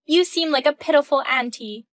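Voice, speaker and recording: A woman's voice: high voice, moderate pace, no echo, close to an everyday voice. A woman doing a smug, taunting young mistress. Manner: taunting, condescending. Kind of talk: reading a text-message story.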